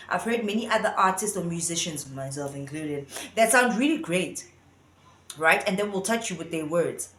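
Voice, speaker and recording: A woman's voice: lowish voice, expressive, moderate pace, fairly bright tone, a little hiss or hum. A woman giving casual opinion commentary, earnest and rambling as she thinks aloud. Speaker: vlogger. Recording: roomy echo.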